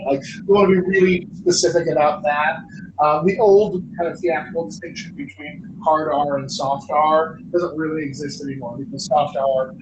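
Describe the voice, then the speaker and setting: A man hosting a live online Q&A as a dialect coach, answering viewer questions in an upbeat, joking, encouraging way. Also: fairly high pitch. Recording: echoey room with background noise.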